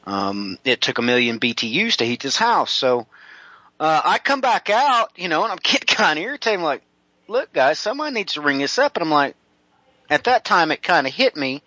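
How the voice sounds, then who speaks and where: A middle-aged man, a home builder, telling a personal story in an interview, rambling with many drawn-out "uh" fillers. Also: fairly high pitch, very animated, pushed and bright, no room sound, low-quality recording.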